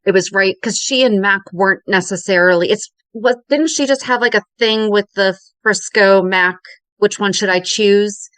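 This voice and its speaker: A woman of middling pitch talks through soap plot history on a podcast. She jumps between thoughts and throws in rhetorical questions, and her voice sounds dry and close with almost no room echo. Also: clean tone. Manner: animated, quick tangents, rhetorical questions. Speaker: podcast co-host. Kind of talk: casual chat.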